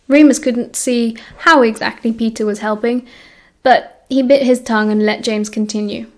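A woman's voice: on the high side, normal speed. British woman narrating an audiobook. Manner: steady storytelling, voicing characters.

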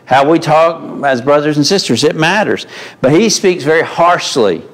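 A man's voice: on the high side, animated, normal speed. A man teaching a mid-week Bible class in a church, in a conversational way, asking the class questions. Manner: conversational, asks the class questions, folksy phrasing.

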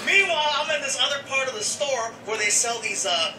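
A man's voice: very high-pitched, expressive, a little fast, noisy background. A man doing stand-up, telling a story and acting out other people's lines. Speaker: stand-up comedian. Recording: echoey distant playback with loud music.

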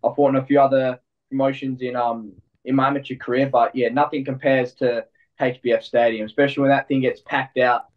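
A young Australian man, a fighter being interviewed, speaking in a laid-back, halting way and often repeating words. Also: medium pitch, flat delivery, far from the mic, highs cut off. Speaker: fighter, guest. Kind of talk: casual interview.

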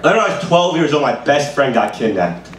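A man's voice: a little high, big pitch swings, moderate pace. A man who grew up in Brooklyn doing a rambling stand-up set at an open mic, full of "you know". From Brooklyn, New York. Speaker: stand-up comedian. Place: small bar comedy room. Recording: roomy live room, mic heard from a distance, faint hiss.

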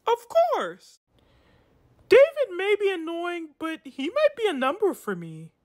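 High slow-talking Miss Piggy toy, voiced by a woman. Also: wildly swooping pitch, a little mellow, heavily acted. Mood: calculating. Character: toy Miss Piggy, female scheming contestant. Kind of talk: toy reality-show role-play.

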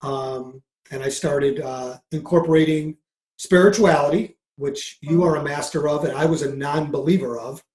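With a voice on the high side, a darkish tone, and fairly even intonation, a middle-aged mindset coach speaks at a moderate pace as a podcast guest. He earnestly shares a personal story, re-enacting old conversations in quotes, and the room echoes noticeably.

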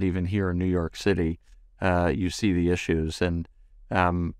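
A man hosting a podcast interview, enthusiastic and halting, with many fillers and restarts. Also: deep voice, smooth, dry recording, studio quality. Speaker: podcast host.

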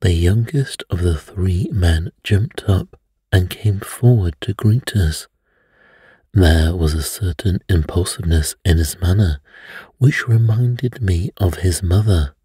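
A man reading a mystery aloud as a bedtime story in a soft, soothing way. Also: sits low, slow, husky, no echo, studio quality.

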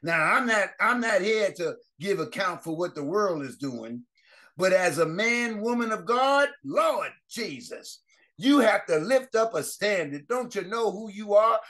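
A man's voice: high voice, very animated, measured pace, fairly bright tone. A male pastor preaching a fervent sermon on a morning prayer line, with repeated exclamations, rising emphasis, and frequent restarts of phrases.

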